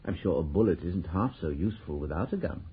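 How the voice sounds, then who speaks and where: An actor playing a skeptical companion who asks dry, pointed questions in a 1940s radio drama, heard over a tinny old broadcast. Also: male voice, deep voice, expressive, quick pace, husky, exaggerated voice. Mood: probing.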